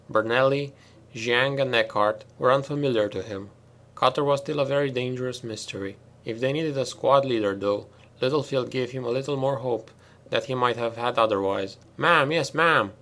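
A man's voice: mid-range voice, fairly bright tone. Man reading a sci-fi audiobook. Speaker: amateur audiobook narrator. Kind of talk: scripted audiobook narration. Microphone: self-made home recording.

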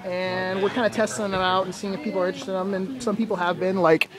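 A man with a fairly high voice chats casually and jokes as he hosts a vlog, laughing often. A thick crowd murmur fills the background of the busy market hall. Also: steady tone, fast. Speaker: vlogger host. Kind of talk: casual chat. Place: flea market booth. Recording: noisy crowded flea market. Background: busy crowd and music.

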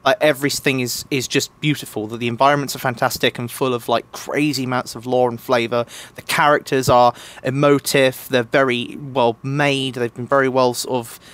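A man's voice: medium pitch, little pitch movement, normal speed, fairly bright tone. A young man chatting as a podcast guest, gushing with enthusiasm and tripping over his restarts. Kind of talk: casual podcast chat.

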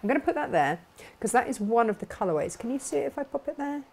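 A woman hosting a craft live stream, chatting brightly and reading out viewer comments with frequent laughs. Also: a little high, very animated, fast talker, creaky. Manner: bubbly, chatty, laughs often.

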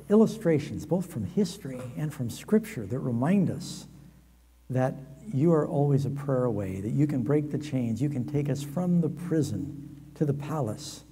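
Mellow-voiced male preacher in a big hall. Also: mid-range voice, slightly rough. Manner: animated storytelling with quick asides and humor. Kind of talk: storytelling sermon at a camp meeting. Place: large meeting hall. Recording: long reverb of a large hall.

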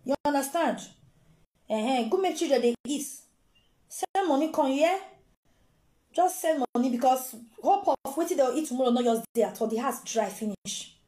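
Animated Nigerian woman telling gossip. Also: sits high, normal speed, roomy sound. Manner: animated, exclaiming, acts out quotes. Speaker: gossip vlogger. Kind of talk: storytelling gossip in Pidgin.

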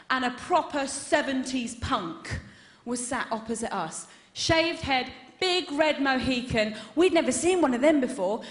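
A woman performing a stand-up comedy set, telling animated stories and punching up the jokes. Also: a little high. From England. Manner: animated storytelling, loud bursts for punchlines. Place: comedy venue stage. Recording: roomy live venue sound.

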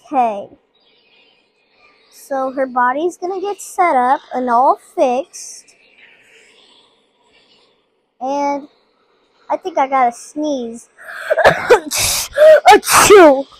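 High-voiced woman chatting through a game. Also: very slow, pauses often. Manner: chatty, playful, talks to viewers. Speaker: gaming channel host. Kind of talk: casual gameplay commentary.

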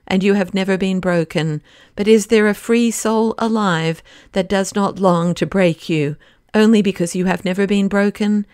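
A woman's voice: medium pitch, clear, resonant tone, no room sound, clean studio sound, lightly acted. A woman reading the part of a bitter, defiant male anarchist in an audiobook, restrained at first and then fiercely accusing.

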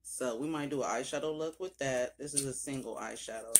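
A young woman filming a casual makeup haul, talking straight to her viewers with loose slang and cursing, and breaking into sudden high exclamations. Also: a little fast, background noise. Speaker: beauty vlogger.

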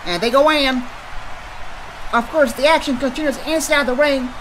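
A woman co-commentating on a wrestling match, adding wry quick reactions to the play-by-play. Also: high voice. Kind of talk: casual color commentary. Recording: noisy with loud crowd behind.

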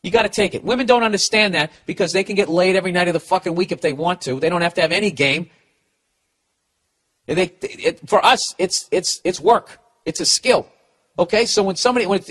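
With a Boston accent, a middle-aged man hosting a podcast rants through comic advice, swearing and stammering as he restarts his sentences. His voice is high-pitched and a bit bright, and he talks fairly quickly.

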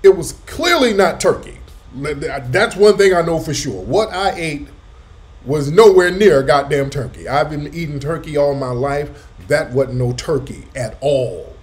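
A man hosting a casual live talk, telling a story with animated emphasis and street slang. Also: a little high, measured pace. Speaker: host. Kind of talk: casual livestream chat.

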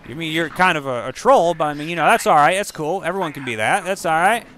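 A man giving casual gameplay commentary, excitable and profane, yelling at enemies while chatting. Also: a little high, fast talker. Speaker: gamer commentator.

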